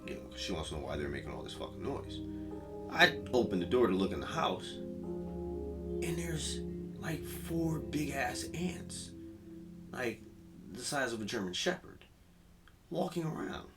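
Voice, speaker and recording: A man's voice: mid-range voice, sing-song, measured pace, pauses often. A man telling a crude, rambling comedic story with lots of profanity, recorded from a distance with music behind.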